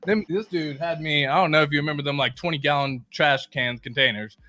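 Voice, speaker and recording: A man, a Marine veteran, telling a profane, animated story in casual chat. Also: fairly high pitch, fairly quick, no room sound.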